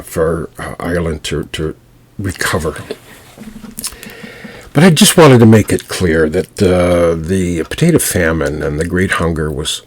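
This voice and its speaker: A man hosting his own podcast, talking through a history lesson at an unhurried pace with frequent pauses and restarts. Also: deep voice, breathy edge. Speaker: storyteller and podcast host. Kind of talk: solo podcast history talk. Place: home.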